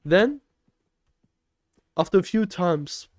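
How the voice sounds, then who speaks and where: A young man vlogging a casual story in slangy, playful talk, speaking low and close to a desk mic in his bedroom. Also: expressive, takes it slowly, no echo. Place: shared bedroom at home. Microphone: desk microphone up close.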